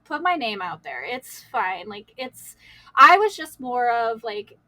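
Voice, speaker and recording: On a podcast, a woman guest candidly tells her life story as emotional personal storytelling, rambling with lots of "like"s and laughter. Her voice is a little high and sing-song, bright and forceful, at a measured pace. The recording is rough but has no echo.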